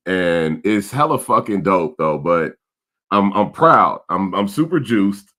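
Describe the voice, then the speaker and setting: A man's voice: low-pitched, big pitch swings, slow pace, bright, forceful tone. A middle-aged man, chatting casually and emotionally in a laid-back, slang-heavy way. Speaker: vlog host, father. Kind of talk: casual vlog chat.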